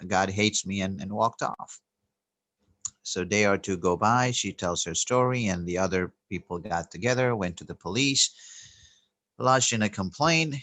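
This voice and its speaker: A man giving an earnest, unhurried spiritual talk, telling a story and pausing on fillers and restarts. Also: low voice, a bit bright, no echo. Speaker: spiritual teacher. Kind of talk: spoken spiritual teaching with storytelling.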